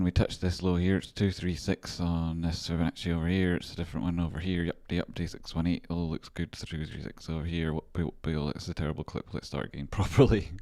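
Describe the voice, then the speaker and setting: A man's voice: low voice, mellow, dry recording, clean studio sound. A Scottish man hosting his own market analysis show, playful and chatty, talking to himself and swearing freely. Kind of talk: casual rambling market commentary.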